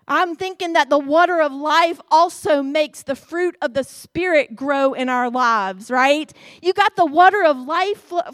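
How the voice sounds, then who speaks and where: Female preacher, high voice, slow and expressive delivery, soft approving hums, dry close sound. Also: no room sound. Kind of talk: sermon.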